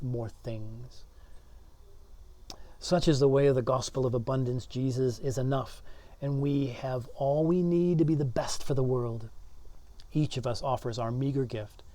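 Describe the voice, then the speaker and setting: A man's voice: mid-range voice, warm tone. A man, a pastor, giving a sermon in an earnest way, often repeating words as he builds his points. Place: church.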